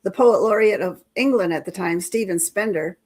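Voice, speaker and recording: A woman's voice: mid-range voice, normal speed, a little mellow. An older woman, a guest author in a casual interview, telling anecdotes with frequent chuckles and restarts.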